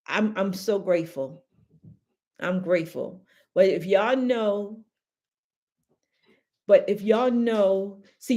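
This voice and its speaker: A woman's voice: medium pitch, a little mellow. Woman, live-stream host, heartfelt and emphatic, loose casual talk to her viewers, says things twice. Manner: emphatic, repeats phrases, calls viewers baby and y'all; heartfelt, grateful.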